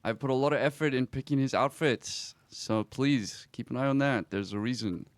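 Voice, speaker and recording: A man streaming a roleplay game, reading in-game messages aloud slowly and reacting to them in a quiet, reflective way, with sighs between lines. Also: mid-range voice, no room sound.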